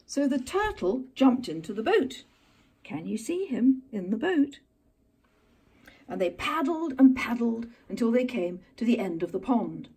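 A woman who serves as a land trust docent, reading a children's picture book aloud with expressive storytelling. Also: on the high side, measured pace, slightly rough.

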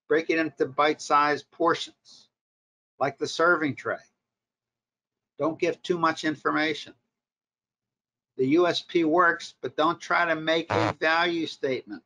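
A marketing professor leads a recorded workshop lecture, delivering short punchy directives and rhetorical questions. His voice is a little high and a bit bright.

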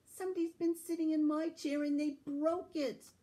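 A woman voicing a small, eager young bear cub in a read-aloud fairy tale, in a squeaky, excited storytelling voice. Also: moderate pace, natural voice. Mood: indignant.

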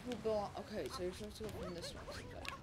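A woman hosting a gaming channel, chatting casually through a speedrun race with lots of "like" and sudden excited outbursts. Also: medium pitch, rapid-fire. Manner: rambling, filler-heavy, excitable outbursts. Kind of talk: casual gameplay commentary. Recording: game music playing loudly behind. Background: game music.

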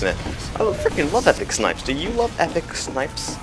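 A man with a lowish voice narrates his own gameplay as a comic commentary, his pitch leaping all over the place. He mutters asides, then erupts into loud, excited shouts. Game music and gunfire play loudly underneath. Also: moderate pace. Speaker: gaming commentator.

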